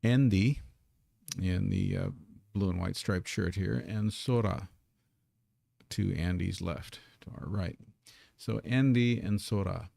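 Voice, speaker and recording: A man teaching a live online Korean lesson, patiently explaining and sounding out syllables slowly. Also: low-pitched, vocal fry, warm tone, no room sound.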